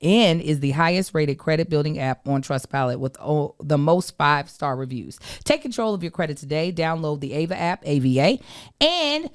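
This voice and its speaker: A woman's voice: deep voice, lively intonation, moderate pace, smooth. A woman co-hosting a podcast who reads a sponsor spot casually, stumbling and correcting herself. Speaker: podcast co-host.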